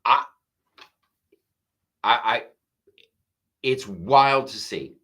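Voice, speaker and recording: A man's voice: medium pitch, expressive, drawn-out words, pushed and bright. A middle-aged man hosting a comedy podcast, rambling sarcastically through a casual monologue with frequent restarts.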